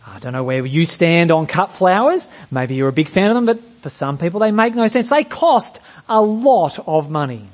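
A man's voice: on the high side, very animated, moderate pace, few pauses, a little mellow. A man preaching a sermon, often putting rhetorical questions to his congregation.

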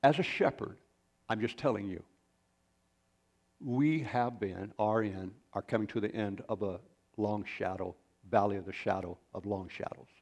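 A man's voice: lowish voice, normal speed, darkish tone. A male pastor preaching a sermon in a folksy, storytelling way, with rambling asides.

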